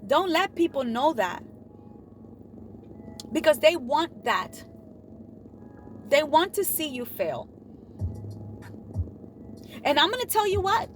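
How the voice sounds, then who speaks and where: A woman giving motivational advice in an animated way, often acting out what other people say. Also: slow, long pauses, slight background noise. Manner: animated, acts out quoted dialogue with big pitch swings. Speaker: motivational vlogger.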